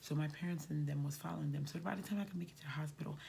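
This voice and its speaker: A woman's voice: low voice, rapid-fire, vocal fry, warm tone, slight background noise. A woman vlogger telling a personal story in a casual, conversational way, sometimes dropping to a near whisper.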